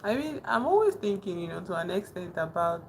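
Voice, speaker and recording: A young woman chatting casually with her live-stream chat, soft-spoken and calling herself very emotional. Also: on the low side, sing-song, brisk, poor audio. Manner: soft-spoken, thanks chat warmly, says she is very emotional. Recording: noticeable background noise.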